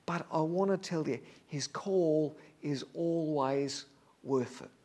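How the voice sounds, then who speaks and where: A man's voice: fairly high pitch, slow, darkish tone. A man preaching a sermon in an earnest, emphatic way, building on repeated phrases.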